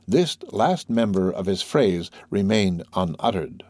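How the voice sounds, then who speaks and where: A man reading a classic novel aloud in an even, unhurried storytelling manner. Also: low voice, no room sound. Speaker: audiobook reader.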